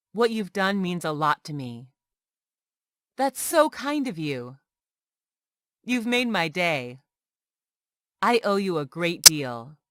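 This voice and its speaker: A woman reading short everyday English phrases aloud one by one, clearly and carefully, as a language lesson. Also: mid-range voice, a bit bright, no room sound, studio quality. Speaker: English teacher.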